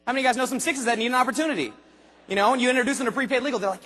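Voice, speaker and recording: A man giving an animated motivational speech to a large convention crowd, asking the audience rhetorical questions and acting out voices. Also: very high voice, racing, in a large hall. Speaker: motivational speaker at a sales convention. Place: large arena convention hall.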